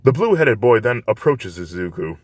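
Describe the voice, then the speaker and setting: A man narrating a fan story in a plain, steady reading voice. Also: fairly low pitch, moderate pace, no echo.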